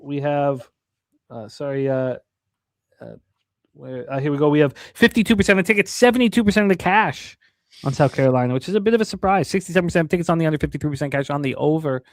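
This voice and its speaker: A man with a slightly raised pitch rattles through point spreads and cash percentages, filling the gaps with uh's. He sounds dry and close to the microphone, keeping the tone casual and conversational. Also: dry recording. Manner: reads odds and numbers quickly, many fillers. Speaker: sports betting show co-host. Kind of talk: casual sports betting talk.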